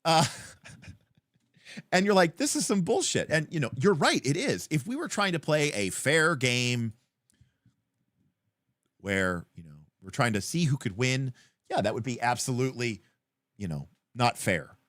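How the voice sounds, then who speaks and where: A man co-hosts a casual livestream about tabletop games, wandering through his points with plenty of fillers. His voice sits at an ordinary pitch but rises and falls a lot as he gets excited and jumps into quick voices for the scenes he describes. The sound is dry and close, with no room echo. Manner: rambling with many fillers. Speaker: livestream co-host.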